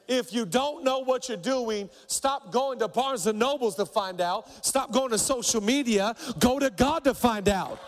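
High-voiced pastor preaching in a reverberant hall. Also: male voice. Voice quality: acts out quoted voices with big pitch jumps. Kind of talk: sermon with animated storytelling. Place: church auditorium.

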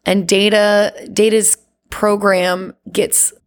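A woman chatting as a podcast guest, animated and laughing often, with many fillers. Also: mid-range voice, slow pace. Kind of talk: casual chat.

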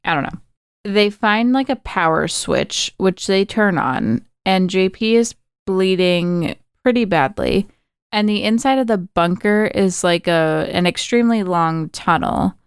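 Clear-voiced woman chatting on a podcast. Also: mid-range voice, unhurried, no room sound, studio quality. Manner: chatty storytelling, many "like" fillers. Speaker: podcast co-host. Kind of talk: casual film recap chat.

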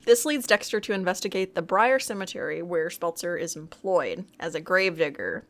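A woman's voice: fairly low pitch, normal speed. A woman co-hosting a podcast, casually retelling TV episodes and acting out the characters' lines. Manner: lively retelling, swears, acts out lines. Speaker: podcast co-host. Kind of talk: casual recap chat.

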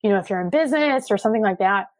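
A woman's voice: medium pitch, expressive, racing. A woman coach speaks earnestly and encouragingly, in a casual flow full of "like" fillers. Her voice sits mid-range and is recorded dry and close, with no room echo. It sounds like an interview guest giving advice. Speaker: guest, money and marketing coach. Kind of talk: casual motivational interview talk.

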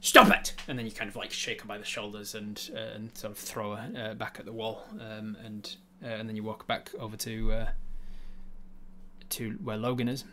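A man narrating a tabletop game as game master, halting and full of uhs and ums. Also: fairly low pitch, level tone, a bit bright, a little hiss or hum.

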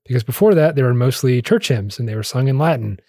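A man's voice: medium pitch, lively intonation, quick pace, warm tone, dry recording, studio quality. A man co-hosting a casual history podcast, chatty and jokey, laughing often between facts. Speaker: podcast co-host.

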